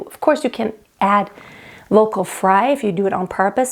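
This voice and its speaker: A woman's voice: mid-range voice, darkish tone. A young woman teaching vocal technique, explaining step by step and breaking off to demonstrate sounds. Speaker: singing teacher.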